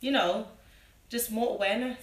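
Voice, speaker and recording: A woman with a Birmingham accent, a guest talking in a relaxed, friendly way. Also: fairly high pitch, normal speed, reverberant, far from the mic, low-quality recording. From Birmingham, England. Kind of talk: casual interview talk.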